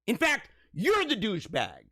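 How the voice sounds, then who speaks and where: A young man hosts a casual livestream, riffing on news stories with mock outrage and frequent laughs. His voice sits high and leaps around a lot. The sound is dry and close, with no room around it. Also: huge pitch swings, moderate pace, bright, forceful tone, no echo. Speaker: livestream host.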